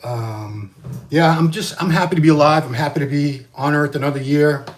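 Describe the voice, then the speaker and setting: A man's voice: fairly high pitch, normal speed. A man, chatting casually and rambling in a solo vlog as a bodybuilding magazine host. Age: 50s. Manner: rambling, conversational, frequent fillers and restarts.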